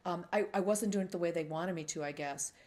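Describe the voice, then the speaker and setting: A middle-aged woman hosts an interview in casual conversation. She tells her stories with lively energy and acts out the voices of the people she quotes. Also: on the low side, quick pace. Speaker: host. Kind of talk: casual interview chat with storytelling.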